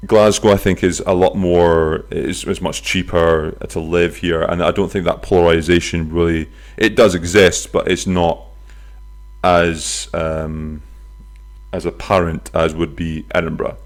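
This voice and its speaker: A man hosting his own podcast, chatting casually from his flat, telling stories with silly voices and some swearing. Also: sits low, measured pace. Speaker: podcast host. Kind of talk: casual solo podcast chat. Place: flat near a bus stop.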